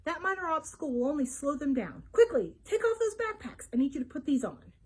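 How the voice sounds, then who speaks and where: A woman reading a storybook aloud, voicing a mysterious grown woman agent who speaks calmly and gives curt orders. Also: sits high, brisk, voice pushed up. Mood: commanding. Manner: curt, commanding.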